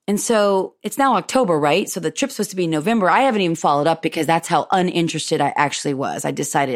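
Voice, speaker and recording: A woman hosting a podcast, telling a personal story in a lively way and acting out what people said. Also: quick pace, few pauses. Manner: animated, acts out quoted dialogue with big pitch jumps. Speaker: podcast host.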